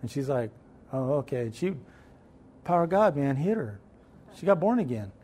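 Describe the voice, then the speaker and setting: A man telling a personal story as a guest, animated and conversational, acting out the voices in it. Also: fairly high pitch, normal speed, husky. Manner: conversational, with repeated fillers and restarts.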